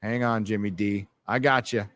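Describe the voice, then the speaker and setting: A man's voice: lowish voice, steady tone, moderate pace, a bit bright. A man hosting a casual livestream from a bar, reading donations and chatting in a loose, profane way with frequent laughs. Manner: loose and profane, laughs often, reads chat aloud. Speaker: livestream host. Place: fandom bar.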